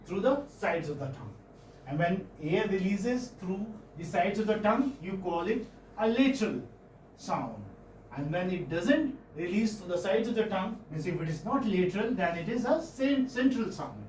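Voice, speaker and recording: A man's voice: high-pitched, animated, moderate pace, a little mellow. A middle-aged man with an Indian English accent giving a phonetics lecture in a classroom, repeating words and checking in with students. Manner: repetitive, coaxing, checks with students often. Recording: echoey room, distant mic, faint noise.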